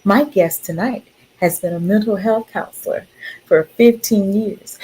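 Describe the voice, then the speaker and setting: A woman hosting an online talk show, lively and emphatic, often repeating her phrases. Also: mid-range voice, measured pace, slightly rough, rough recording.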